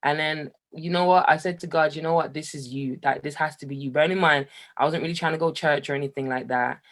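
Young man, from Jamaica, candid storytelling, lively delivery. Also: a little high, fast. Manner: animated, laughs often, voice rises when excited. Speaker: guest, musician.

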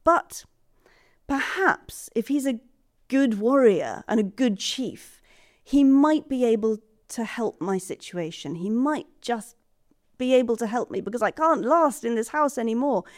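A woman's voice: a little high, animated, a little slow, no room sound, clean studio sound. A woman voicing a shy, scarred young woman in a told folk tale, hesitant and stammering. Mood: despairing.

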